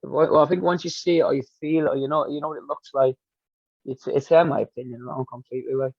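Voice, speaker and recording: Man, Glaswegian accent, football coach, heartfelt, raspy fry, dry lo-fi sound. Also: medium pitch, fairly even intonation, fast, dry recording. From Scotland. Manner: earnest, heartfelt. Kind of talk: casual interview chat.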